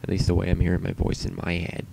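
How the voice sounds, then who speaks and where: A man's voice: sits low, monotone, quick pace, vocal fry, dark tone, a little hiss or hum. A man streaming alone, rambling in a profane, self-mocking way while he waits for his stream to start. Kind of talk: casual solo livestream chatter.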